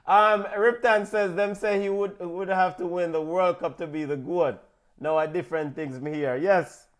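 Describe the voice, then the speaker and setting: A man with a Jamaican accent hosting a casual football watch-along, excitable and quick to shout out names and give big-ups. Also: high voice. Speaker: football show host.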